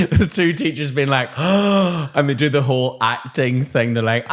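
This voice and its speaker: A man in his thirties, a teacher co-hosting a chat show, telling lively stories and acting out classroom voices. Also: medium pitch, a little slow, few pauses. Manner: animated storyteller, acts out classroom voices. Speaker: podcast co-host, teacher. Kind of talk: casual chat.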